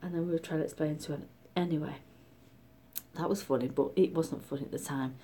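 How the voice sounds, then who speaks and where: A middle-aged woman from Britain telling a story in a casual vlog, chatty and animated, often dropping to a whisper. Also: low voice, a little fast, a little hiss or hum. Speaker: vlogger.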